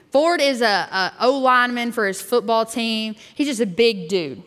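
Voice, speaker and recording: A woman youth pastor preaches a sermon in a candid, storytelling way, full of fillers and restarts. Her voice sits at a middle pitch. The sound carries a long reverb from a large hall. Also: normal speed, hardly any pauses, fairly bright tone.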